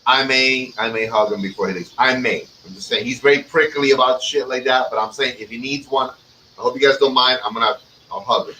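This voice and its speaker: A man co-hosting a casual chat, joking loudly and swearing a lot. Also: medium pitch, brisk. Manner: loud, joking, swears a lot, jumps into shouts. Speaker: podcast co-host. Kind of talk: casual profane banter. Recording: distant mic with faint background noise.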